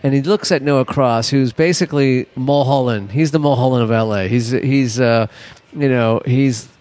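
A man co-hosting a casual talk show, telling stories in an animated, profane way. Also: medium pitch, normal speed. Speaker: podcast co-host. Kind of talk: casual chat.

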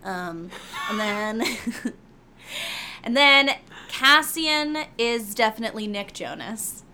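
Brief: woman, bright and slightly high, rambling casual chat. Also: lively intonation, slow, a little hiss or hum. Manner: rambling with fillers, giggly.

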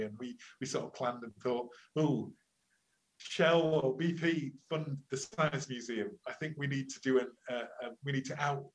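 A man's voice: mid-range voice, low-quality recording. Older male academic guest, chatty storyteller who stumbles and restarts, puts on voices in quotes. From England. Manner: lively anecdotal telling with many restarts and acted quotes. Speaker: climate scientist and lecturer, interview guest. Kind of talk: storytelling interview answers.

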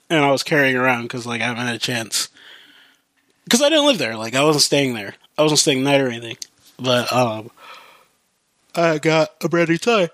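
A man's voice: medium pitch, fairly bright tone, no echo. A young man hosting a podcast, telling a long story in a casual, rambling way, full of fillers. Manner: rambling, heavy use of fillers like "like" and "you know". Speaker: podcast host.

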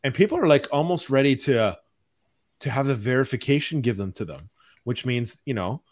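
A man hosts a casual podcast chat at a mid pitch. He rants in a calm, mild-mannered way. His delivery stays even rather than heated. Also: normal speed. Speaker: podcast host.

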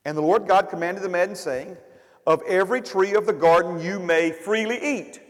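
High-voiced preaching man in a reverberant hall. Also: moderate pace. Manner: fervent preaching, loud emphatic bursts then quiet asides. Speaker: pastor. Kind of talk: sermon.

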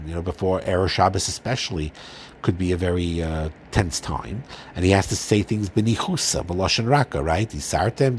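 Deep-voiced man, earnest and gentle lecturer, faint hiss under the recording. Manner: earnest, gentle, often pauses with fillers and restarts. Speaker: Torah teacher giving a marriage talk. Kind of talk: informal religious lecture.

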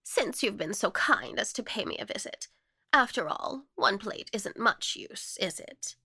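Woman reads a possessive, ghostly old maid for an audio story; hushed one moment, wailing the next, with a lively, bright voice. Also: mid-range voice, unhurried, husky, no echo, clean studio sound, full character voice. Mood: mournful. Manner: shifts from wistful whispers to jealous wails. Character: eccentric, secretive old spinster, possessive and ghostly.

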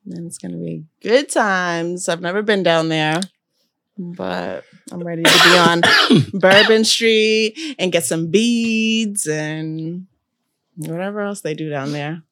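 A woman's voice: on the low side, takes it slowly, a bit bright, dry recording. A young woman from Boston co-hosting a casual podcast chat, laid-back and laughing often. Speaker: podcast co-host.

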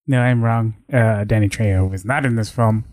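A man's voice: fairly low pitch, moderate pace, darkish tone, dry recording, clean studio sound. A man co-hosting a casual podcast, laid-back and full of film trivia, often laughing. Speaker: podcast co-host. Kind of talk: casual chat.

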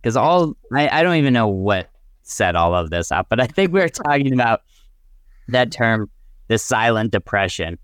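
A man's voice: medium pitch, big pitch swings, normal speed, a bit bright, clear, resonant tone, no echo, studio quality. A young man co-hosting a casual podcast chat, laid-back and wry, steering the talk back on track. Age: young adult. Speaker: co-host.

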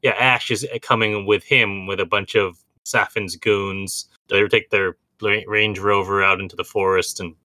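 A male co-host chats with easy enthusiasm, his voice sitting low but ringing bright. He wanders into side remarks and laughs often. The sound is close and dry. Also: unhurried, hardly any pauses, no room sound. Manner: animated, laughs often, trails into asides. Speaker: podcast co-host. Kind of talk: casual chat.

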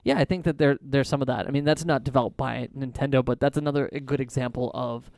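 A young man co-hosting a casual podcast chat, animated and rambling as he tells stories, laughing often. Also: mid-range voice, fast, gravelly, dry recording, studio quality. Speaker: podcast co-host.

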